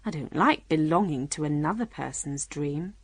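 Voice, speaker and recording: A woman's voice: deep voice, animated, normal speed, slightly rough, no room sound, voice pushed down, exaggerated voice. A woman voicing a polite, earnest young girl who is the heroine of a storybook. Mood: wondering.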